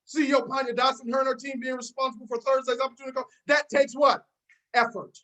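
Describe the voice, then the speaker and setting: A woman's voice: sits high, flat delivery, fast, a bit bright, rough recording. A woman hosting a team video call, giving a fired-up motivational pep talk, repeating herself and calling out listeners by name.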